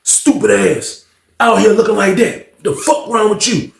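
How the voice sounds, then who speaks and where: A man's voice: high voice, fairly even intonation, unhurried, gravelly, full character voice. A man voicing a bullying older male inmate who curses and scolds, in a roomy-sounding recording. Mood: scornful. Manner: cursing, scolding. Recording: roomy echo.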